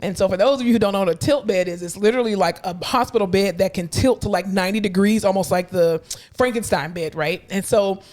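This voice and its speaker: A woman co-hosting a casual podcast, a hospital clinician telling blunt, animated work stories full of acted-out quotes. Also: mid-range voice, quick pace. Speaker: podcast co-host. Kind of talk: casual chat.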